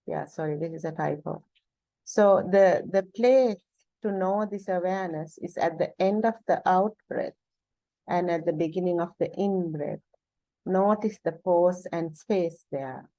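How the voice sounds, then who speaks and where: A woman leading a meditation lesson, speaking slowly with long deliberate pauses, soft fillers and gentle self-corrections. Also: lowish voice, no echo, rough recording. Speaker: meditation teacher. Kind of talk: guided meditation talk.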